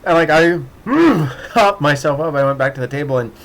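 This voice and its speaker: A man's voice: a little high, fairly quick, a bit bright, a little hiss or hum. A man telling a casual, rambling story with many restarts and laughs, acting out voices in the quoted dialogue. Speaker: podcast host.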